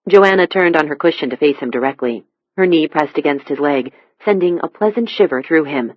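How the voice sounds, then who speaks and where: An audiobook narrator reading a thriller in a steady, measured way. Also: medium pitch, no echo, dull audio. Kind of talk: scripted narration.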